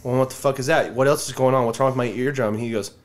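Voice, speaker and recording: A man's voice: medium pitch, very fast. A man telling a story in casual chat, acting out what people said, with a lot of swearing. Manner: animated, swears a lot, acts out quotes.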